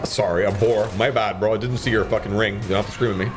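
A man's voice: on the low side, fairly even intonation, fast. A man streaming slot games, who keeps up profane, joking commentary and talks back to the games as he plays. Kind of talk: casual gambling commentary.

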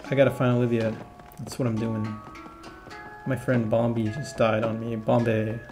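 A man's voice: mid-range voice, level tone, normal speed, a little mellow. A man giving casual, rambling let's-play commentary as a gaming channel host, chatting and laughing at his own jokes. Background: game music.

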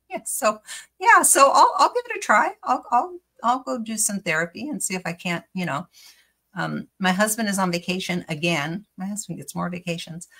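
Middle-aged woman crafting and rambling on, gravelly husky voice, a bit low. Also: a bit bright. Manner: chatty, rambling storyteller who laughs often. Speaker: crafting channel host. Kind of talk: casual chat while crafting.

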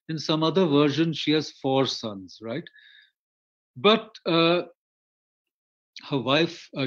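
A man with an Indian English accent giving a storytelling lecture in a rambling way, with many fillers and restarts. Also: medium pitch. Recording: muffled lo-fi audio.

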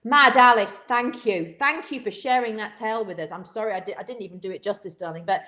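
A woman's voice: mid-range voice, fast, pushed and bright. A woman co-hosting a casual chat show, chatty and theatrical. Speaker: co-host.

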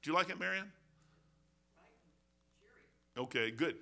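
A pastor giving a folksy, animated sermon, peppered with "man" and changes in loudness. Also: fairly high pitch, measured pace, creaky.

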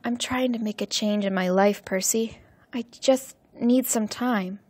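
A woman reading aloud and voicing a gentle, worried mother who speaks softly and pleads. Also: medium pitch, measured pace, slightly rough, no echo. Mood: soft pleading. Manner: soft, pleading, tender.

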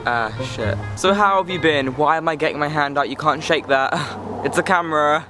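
A man's voice: on the high side, normal speed, over music. Sarcastic teenage boy vlogging. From England. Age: teens. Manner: sarcastic, rambling, easily distracted. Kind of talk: casual chat to camera. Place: outdoors.

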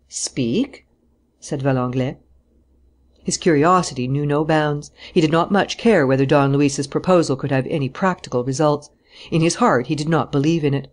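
An audiobook narrator with a middle-pitched voice, reading a classic novel in a steady, measured way. Heated lines come out louder and a little higher, while the narration stays even. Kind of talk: scripted narration.

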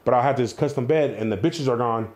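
A young man telling wild stories in a casual interview, animated, slangy and full of swearing. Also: mid-range voice, quick pace. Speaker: interview guest, entrepreneur.

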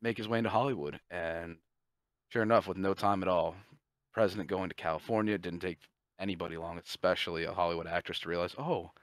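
A man co-hosting a podcast, casually pitching a movie plot in a rambling, profane way and briefly voicing the characters. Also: steady tone, no echo. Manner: profane, rambling, acts out characters' lines in quick asides. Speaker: podcast co-host.

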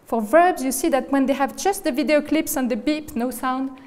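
A woman's voice: sits high, moderate pace, darkish tone. A woman giving an academic lecture as guest speaker. She explains step by step and often checks in with "okay?" and "right?". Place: lecture hall. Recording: reverberant lecture hall.

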